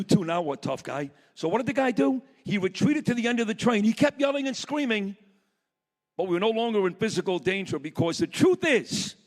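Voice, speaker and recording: A man with a notably high voice speaks bluntly and with fire to a summit audience. His talk is plain and punchy, rallying the room. Long reverb of a big conference hall trails each line. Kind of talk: impassioned speech to a live audience.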